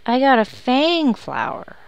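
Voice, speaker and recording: A woman's voice: high-pitched, big pitch swings, a little slow, vocal fry, smooth, dry recording. A woman giving casual, sarcastic commentary while playing a life-simulation game, grumbling at her characters. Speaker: let's play host. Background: background music.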